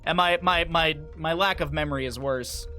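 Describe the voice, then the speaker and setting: A high, bright man's voice rambles through profane stories while playing a game on stream. He breaks off to greet chat and comment on the match. Faint music plays underneath. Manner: rambling, profane storytelling with quick asides to chat. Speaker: gaming streamer.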